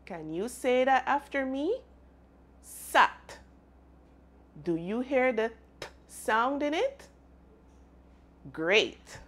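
Slow, lively-voiced woman teaching phonics. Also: high voice. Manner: slow, clear, sing-song modelling of sounds for children to repeat. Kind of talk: phonics lesson for young children.

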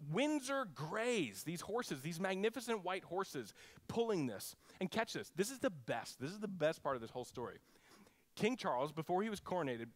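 A man preaching a sermon as pastor, animated and conversational, swinging between loud exclamations and hushed lines. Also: sits high, dry recording.

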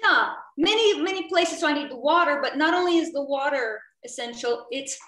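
A woman from the southern United States runs an online workshop session, keeping it lively and playful as she keeps asking the group questions. Her voice sits high, and it comes over a video call from an echoey room. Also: a little fast. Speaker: workshop trainer. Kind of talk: interactive online teaching.

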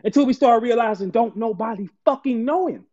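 Loud, profane St. man ranting. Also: extremely high pitch, muffled recording. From St. Louis, Missouri. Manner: loud, aggressive, profane, rapid repetition. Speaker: battle rapper ranting on a stream. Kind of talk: heated profane rant.

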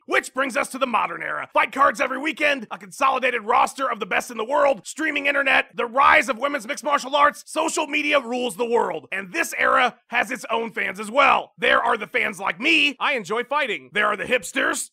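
A young American man hosting a comedy show, ranting loudly and profanely in sketch narration. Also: very high voice, animated, moderate pace, vocal fry, hardly any pauses. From United States. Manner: loud, profane, mock-ranting.

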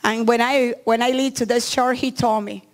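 A middle-aged woman pastor, not a native English speaker, preaching a sermon in earnest, halting English with frequent restarts. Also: on the high side, fairly even intonation.

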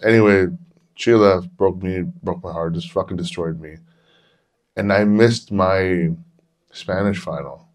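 A man's voice: sits low, measured pace. A man in his forties hosting a podcast, who tells candid, rambling personal stories and swears freely. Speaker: podcast host. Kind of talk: casual storytelling chat.

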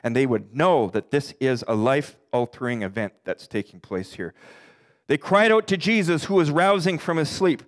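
A middle-aged pastor preaching a sermon earnestly, his voice climbing for emphasis and sinking low for the darker points. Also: lively intonation. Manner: earnest preaching, rising and dropping in pitch for emphasis; quotes scripture in slow deliberate voice.

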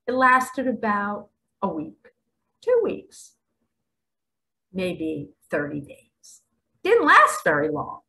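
A woman's voice: mid-range voice, huge pitch swings, takes it slowly, pauses often, sharp tone, poor audio. A middle-aged woman giving impassioned spiritual commentary, emphatic and dramatic, sometimes dropping to a whisper. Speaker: spiritual vlogger.

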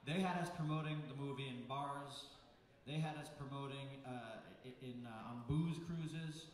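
A man's voice: medium pitch, moderate pace. Man, comic storyteller, profane and rambling, distant mic, long hall reverb, audience around. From United States. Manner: loose, profane, rambling with many fillers. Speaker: comedian telling a story on stage. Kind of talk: live comedic storytelling. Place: large venue with live audience. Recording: echoey hall from far off with crowd.

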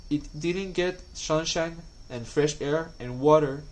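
Male storybook reader, calm and clear, slightly high voice, faint hiss. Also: slow pace, poor audio. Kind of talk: scripted narration.

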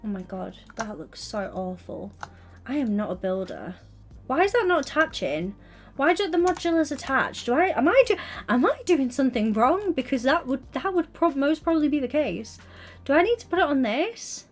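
A woman's voice: sits high, big pitch swings, moderate pace. A young woman streaming, chatting casually and teasingly while building in a game. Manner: teasing, giggly, playful.

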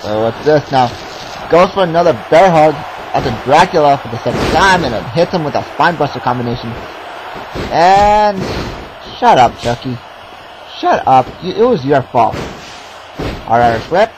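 A man giving casual play-by-play commentary on a wrestling game, excitable and swearing, shouting at big moves. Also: on the high side, brisk, noisy background.

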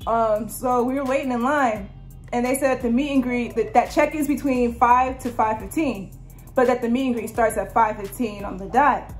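A young woman vlogger chatting through a storytime in a casual, excited way, full of "like". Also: fairly high pitch, normal speed, soft background music. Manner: chatty, lots of "like", excited retelling.

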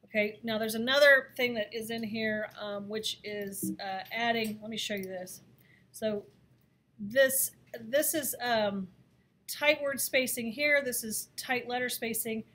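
A woman teaching a design software lesson, talking through each step in a chatty way with frequent fillers. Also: fairly high pitch, fairly even intonation, unhurried. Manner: chatty, thinks aloud with fillers. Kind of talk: screen-recorded software lesson.

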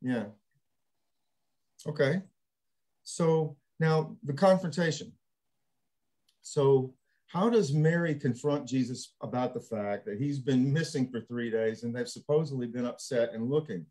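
A man hosting a casual panel discussion, animated and laughing as he acts out quotes. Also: medium pitch, unhurried, long pauses. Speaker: panel host.

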